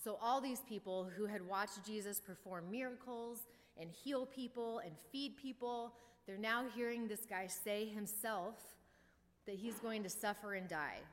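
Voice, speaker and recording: Wry woman preaching in a reverberant hall. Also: mid-range voice. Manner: casual and wry, with joking asides. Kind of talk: conversational sermon.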